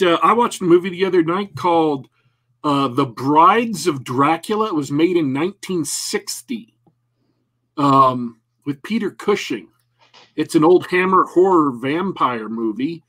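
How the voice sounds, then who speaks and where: A man's voice: fairly high pitch, lively intonation, measured pace, fairly bright tone. A man co-hosting a casual talk show, rambling and joking with many restarts. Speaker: podcast co-host. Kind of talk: casual chat.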